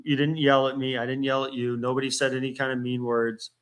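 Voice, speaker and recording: A man's voice: medium pitch, level tone, brisk, clear, resonant tone. Exasperated man arguing on the phone. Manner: exasperated, repetitive, swearing. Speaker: streamer. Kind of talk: heated one-sided phone argument.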